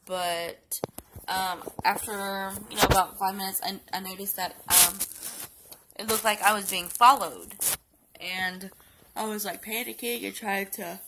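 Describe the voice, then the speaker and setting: A woman's voice: mid-range voice, steady tone, unhurried, noisy background. A young woman telling a story in a casual vlog, tired and sick, rambling with many fillers and restarts. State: sleepy and sick, yawning. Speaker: vlogger.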